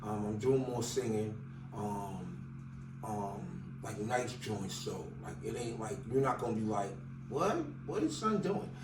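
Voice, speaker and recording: A rapper from Staten Island with a New York accent tells loose, slang-filled stories as an interview guest, acting out the dialogue. His voice is lowish and steady at a measured pace. He sounds far from the mic in an echoey room with background noise.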